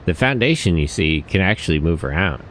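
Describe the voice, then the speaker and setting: A man's voice: sits low, lively intonation, fairly quick, fairly bright tone, slight background noise. A man doing a chatty, knowing old woman. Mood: confiding.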